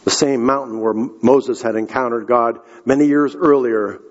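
A man's voice: mid-range voice, steady tone, normal speed. A man preaching a sermon, telling a story earnestly and speaking directly to the congregation. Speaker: pastor. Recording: echoey hall, dull lo-fi sound.

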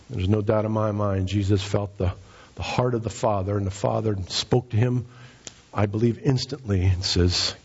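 A middle-aged man preaching a fervent sermon, his voice climbing to high, emphatic peaks. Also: fairly even intonation, moderate pace, darkish tone, breathy edge, muffled recording. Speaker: pastor.

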